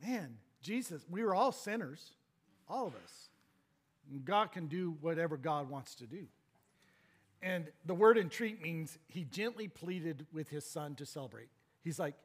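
A man preaching a sermon as pastor, swinging between emphatic exhortation and low, quiet points. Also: lively intonation, unhurried, breathy edge.

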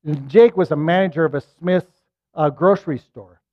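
A middle-aged man preaching a sermon and telling a personal story, animated and self-deprecating. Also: on the high side, moderate pace. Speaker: pastor. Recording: muffled lo-fi recording.

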